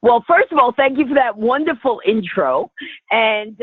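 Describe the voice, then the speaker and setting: A woman's voice: a little high, normal speed, husky, no echo. A comedian from New York City telling a funny story, acting out the voices of the people she quotes. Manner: animated, acts out quoted voices. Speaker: guest, comedian. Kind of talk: comic storytelling. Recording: tinny phone line, dry.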